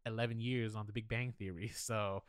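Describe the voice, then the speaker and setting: Guy on a podcast, opinionated and candid, smooth clean voice, dry close mic. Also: lowish voice, fairly even intonation, moderate pace, no echo. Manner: opinionated, candid, self-deprecating. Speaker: podcast co-host. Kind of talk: casual film discussion.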